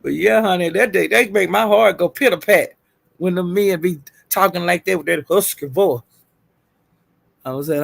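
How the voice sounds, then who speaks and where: A man's voice: high-pitched, normal speed, gravelly, husky, dry recording. A man livestreaming, telling gossip in a casual chatty way, laughing often and calling out "child" and "honey".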